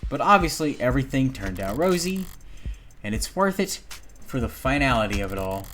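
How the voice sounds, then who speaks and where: A man voicing a cold, calculating male killer who narrates his own crimes in a measured, smug inner monologue, read from a story game. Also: medium pitch, sing-song, fairly bright tone, faint music behind. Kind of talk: reading a game's dialogue aloud.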